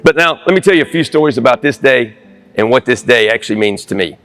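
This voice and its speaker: A man's voice: mid-range voice, expressive, quick pace, a bit bright. A middle-aged man giving an earnest, plain-spoken personal speech, pressing his points with repeated phrases. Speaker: speaker at a Veterans Day event. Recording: long hall reverb with faint music.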